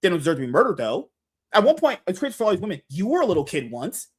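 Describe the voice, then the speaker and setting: A woman's voice: fairly low pitch, very animated, rapid-fire, breathy edge. An American woman arguing emphatically as a guest on a chat podcast. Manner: emphatic, argumentative. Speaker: guest debater. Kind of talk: casual debate chat.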